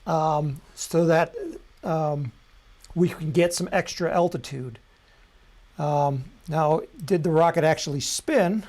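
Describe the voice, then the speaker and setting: A man hosting a live software tutorial, talking casually and thinking aloud at his computer, with frequent ums and self-corrections. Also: a little high. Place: at a computer desk.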